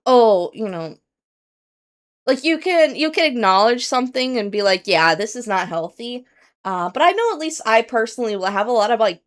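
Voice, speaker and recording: Woman streamer just chatting, rambly, lots of likes and ums, voice bounces all over. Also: on the high side. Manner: rambling, lots of fillers and restarts; earnest and candid. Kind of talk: casual chat to stream viewers.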